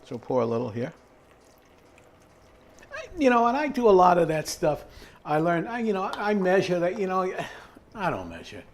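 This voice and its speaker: With a high voice whose pitch swoops wildly, this older home cooking host talks at a moderate pace and pauses often as he shows a recipe in his kitchen. He's chatty and rambling, full of fillers and asides, and a little hiss or hum sits under the recording.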